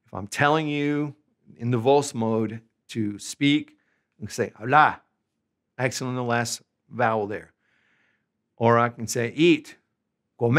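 A man from the United States giving an upbeat, conversational online language lesson, slowing down to stretch out example words. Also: medium pitch, a bit bright. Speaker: language teacher.

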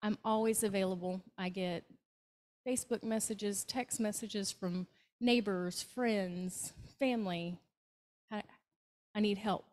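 A woman's voice: mid-range voice, fairly even intonation, slow. A woman with a Southern US accent, a hospice nurse telling stories to a club meeting and acting out the people in them. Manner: warm anecdotal storytelling with acted quotes. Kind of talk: storytelling talk to a club. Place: meeting room, hybrid meeting.

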